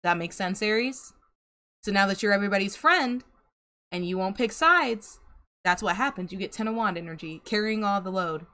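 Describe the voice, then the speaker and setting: A woman's voice: medium pitch, lively intonation, moderate pace, sharp tone. A young woman giving a casual tarot reading to camera, chatty and sympathetic, laughing and sighing often. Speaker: tarot reader.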